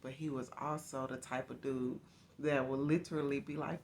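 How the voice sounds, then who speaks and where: A woman's voice: rumbling low, little pitch movement, normal speed, a little mellow, slight background noise. A woman host telling her own life story to her viewers in a candid, confiding, casual way.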